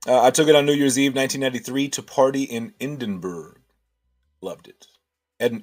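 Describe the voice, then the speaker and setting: A man's voice: medium pitch, fairly even intonation, brisk, a little mellow. A man hosting a casual livestream, thinking aloud and answering chat with many restarts.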